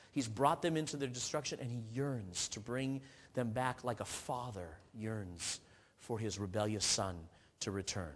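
A man preaching a sermon, reading scripture aloud with frequent restarts, swinging from emphatic peaks down to low, quiet stretches. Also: breathy edge, long reverb tail. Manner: earnest, rising to emphatic peaks and dropping low.

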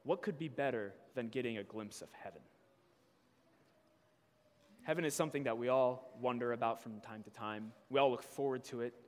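Man preaching in a reverberant church. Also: mid-range voice. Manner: reads scripture slowly, then preaches with rising intensity. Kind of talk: sermon with scripture reading. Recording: long reverb of a church hall.

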